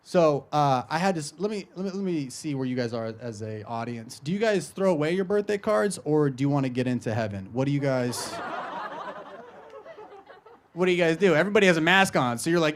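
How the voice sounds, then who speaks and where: A man's voice: lively intonation, a little fast. Brash, profane male stand-up comic. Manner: brash, profane, jumps into loud high-pitched voices for bits. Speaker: stand-up comedian. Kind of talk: stand-up comedy set. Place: live comedy show. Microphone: handheld stage microphone.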